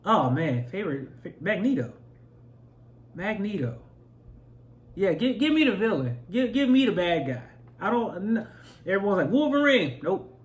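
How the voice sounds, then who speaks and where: Male co-host, emphatic comedic chatter, high and very animated pitch. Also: normal speed, long pauses. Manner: laughs easily, emphatic and playful. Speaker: podcast co-host. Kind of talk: casual comedic chat.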